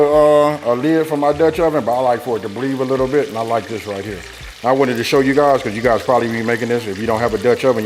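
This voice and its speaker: Male cooking-show host, relaxed and chatty, mid-range voice, casual demo delivery. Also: mid-range voice, slight background noise. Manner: laid-back, talks straight to viewers with lots of "right?".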